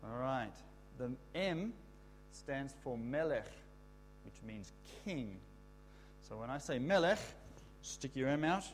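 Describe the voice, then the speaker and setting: Animated man leading a children's talk. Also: mid-range voice, slow, long pauses, slight background noise. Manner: animated, sets up call-and-response with kids. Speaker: children's talk leader at church. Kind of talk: children's sermon.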